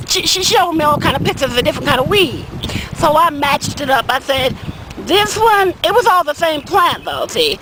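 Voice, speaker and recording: A woman's voice: high-pitched, fairly bright tone, a little hiss or hum, poor audio. A woman playing an older man who tells a rambling comic story, repeating little words like "see" and "I said" as he goes. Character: older Southern man, rambling small-time weed seller. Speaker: comic character monologue. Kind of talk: comedic storytelling in character.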